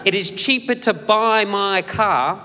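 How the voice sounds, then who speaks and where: A man's voice: sits high, slow, long reverb tail. A young man in his late twenties with an Australian accent, telling stories in a stand-up comedy set and slipping into character voices. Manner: animated storytelling, switching into character voices. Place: comedy venue stage.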